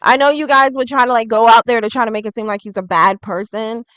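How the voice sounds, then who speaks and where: A woman's voice: a little high, fairly even intonation, quick pace, a bit bright, smooth, no echo, low-quality recording. A woman doing a casual tarot reading vlog, chatty and rambling, full of "like". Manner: chatty and rambling, heavy use of "like". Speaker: tarot reader.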